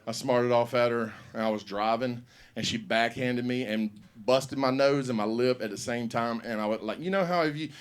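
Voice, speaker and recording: A man's voice: medium pitch, normal speed, smooth. A middle-aged man hosting a comedy show on stage, telling profane stand-up stories and acting out scenes. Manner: loud, profane storytelling with act-outs.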